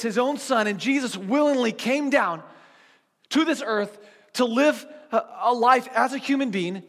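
A man preaching a sermon as pastor to a seated church congregation, in a conversational, animated storytelling manner with frequent restarts. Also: extremely high pitch, a little slow, long reverb tail.

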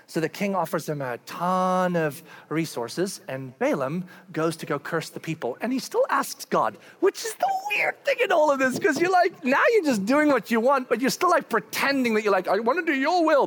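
A male pastor delivers a casual, animated sermon with a story at its center. His voice sits high and ranges widely, rising and falling as he talks. He is conversational and punchy, and keeps asking his listeners questions. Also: moderate pace.

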